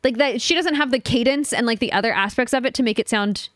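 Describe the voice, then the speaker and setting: A woman's voice: a little high, quick pace, fairly bright tone, no room sound, studio quality. A young adult woman co-hosting a podcast in casual chat, opinionated and emphatic, sometimes swearing. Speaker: podcast co-host.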